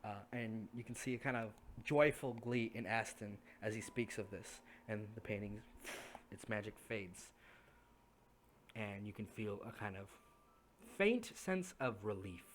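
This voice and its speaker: A man's voice: fairly low pitch, expressive, a little slow, a little hiss or hum. A man narrating as game master in a casual, filler-heavy way, laughing at his own slips. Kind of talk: narrating a tabletop game over voice chat.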